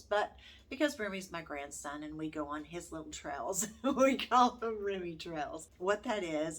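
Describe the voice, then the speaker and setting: Slow, low-voiced older woman vlogger. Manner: gentle, heartfelt, halting with many pauses. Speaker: homeschooling grandmother vlogger. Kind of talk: casual vlog talk.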